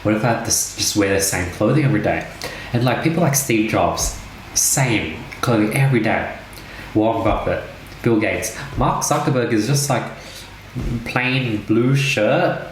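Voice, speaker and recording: Young guy on a podcast, lowish voice, musing out loud, really echoey room w a bit of hiss. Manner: reflective, thinks aloud with repeated starts. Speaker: podcast co-host. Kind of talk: casual chat. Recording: very echoey room with faint noise.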